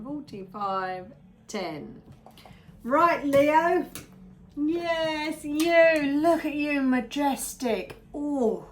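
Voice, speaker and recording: Chatty tarot reader, fairly high. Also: female voice. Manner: chatty, rambling, breaks off into asides. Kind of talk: casual tarot reading to viewers.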